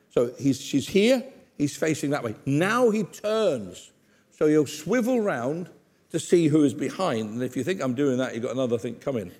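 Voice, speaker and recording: A man's voice: on the high side, dark tone, breathy edge. An older man preaching a sermon, acting out Bible scenes with humor and asides to the congregation.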